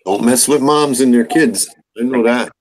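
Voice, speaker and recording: A man's voice: mid-range voice, moderate pace, a crowd in the background. An American man co-hosting a casual live chat, joking and laughing easily. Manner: laughing, jokey.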